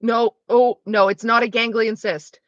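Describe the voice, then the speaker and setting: A woman's voice: on the high side, steady tone, unhurried, a bit bright, no room sound, muffled recording. A woman streaming a game, chatting loosely with her live viewers and answering them by name. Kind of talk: casual chat with live viewers.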